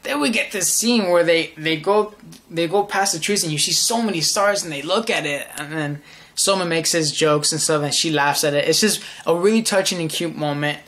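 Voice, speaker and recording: A young male reviewer talks through a comic chapter in a loose, excitable way. His voice sits a little higher than most men's, and he trips over words and restarts often as his enthusiasm runs ahead of him. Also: normal speed. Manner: rambling and enthusiastic, with many restarts. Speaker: manga reviewer. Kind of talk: casual video review.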